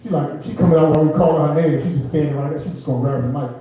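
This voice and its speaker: A man's voice: on the high side, fairly even intonation, fast talker, dark tone, very echoey, recorded from a distance, rough recording. A man hosting an open mic and doing loose, rambling, self-mocking stand-up comedy in a club.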